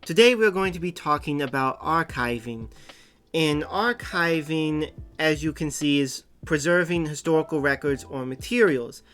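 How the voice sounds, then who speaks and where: A man with a Boston accent talks through a casual info-dump monologue in a slightly high, smooth, clear voice. He rambles and often corrects himself mid-sentence. Faint background music plays under his talk. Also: moderate pace. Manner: rambling, with self-corrections and small laughs. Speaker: channel host. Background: soft background music.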